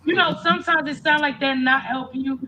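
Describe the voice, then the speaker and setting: Middle-aged woman guest, candid testimony, blunt and emphatic, highish voice, faint hiss. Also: fairly even intonation, fairly quick, pushed and bright, low-quality recording. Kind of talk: personal testimony in casual chat.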